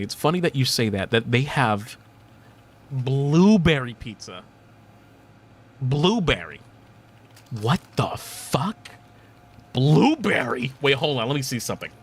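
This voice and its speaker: A young man streamer in casual chat, rambling and animated, swearing casually and laughing often. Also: medium pitch, slightly rough.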